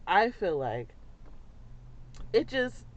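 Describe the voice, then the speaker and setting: A young woman, a mother, telling a family story in a chatty, animated way, with many fillers and frequent laughs. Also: medium pitch, very slow. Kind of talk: casual storytelling vlog. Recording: dull lo-fi sound.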